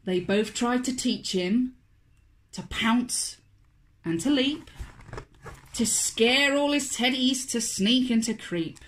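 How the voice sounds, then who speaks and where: A woman, a children's author, reading a picture book aloud to toddlers in a slow, expressive, sing-song way. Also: fairly high pitch, slight background noise. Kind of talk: storybook read-aloud for toddlers.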